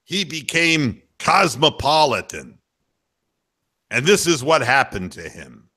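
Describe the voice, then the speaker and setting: A man's voice: mid-range voice, sing-song, slow, sharp tone, pitched above the performer's own voice, full character voice. A man doing a comic impression of a grumpy old male sports announcer, ranting with bitter, profane lament. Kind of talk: comic impression on talk radio.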